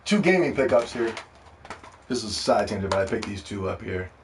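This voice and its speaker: A man hosting a casual solo gaming podcast, joking and ranting in a loose, profane way that swings from loud excitement to quiet asides. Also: lowish voice, brisk, a little hiss or hum. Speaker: podcast host.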